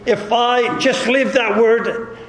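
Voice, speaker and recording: Male pastor, high and animated, delivering an emphatic sermon in a big echoey church hall. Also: slow pace. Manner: emphatic, repeats rhetorical questions. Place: church sanctuary. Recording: echoey hall with long reverb.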